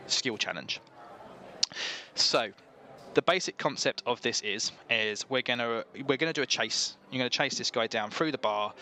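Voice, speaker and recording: A man's voice: lowish voice, sharp tone. A man acting as dungeon master, narrating a tabletop game and patiently explaining the rules with lots of ums.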